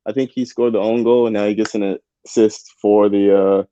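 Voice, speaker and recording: A man's voice: on the low side, little pitch movement, moderate pace, dark tone, muffled recording. A man co-hosting a live match watchalong, chatting casually with slang and frequent laughs. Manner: laid-back, laughs often, slangy. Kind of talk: casual live-stream chat.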